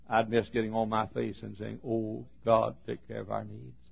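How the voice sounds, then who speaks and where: A pastor with a low, gravelly, husky and worn voice tells a story in a sermon, speaking at normal speed with a flat delivery while swinging from loud emphasis to hushed asides. The recording sounds dull and lo-fi.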